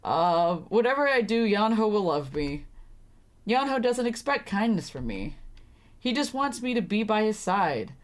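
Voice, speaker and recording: Animated young woman reacting to a game. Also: mid-range voice, measured pace. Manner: animated, laughs often, flustered reactions. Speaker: streamer. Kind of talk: live game commentary.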